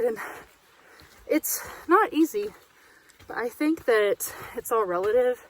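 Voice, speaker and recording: A woman's voice: on the high side, animated, poor audio. Breathless woman vlogging on a trail. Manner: chatty, rambling, quick to laugh. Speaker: vlogger hiking solo. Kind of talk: casual vlog monologue. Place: outdoors on a wooded trail.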